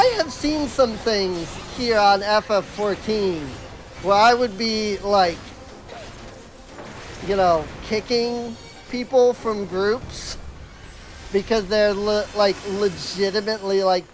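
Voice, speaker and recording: Slow, rambling game streamer over faint music. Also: mid-range voice. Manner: exasperated storytelling, full of "like" and restarts. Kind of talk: casual rambling chat on a live game stream.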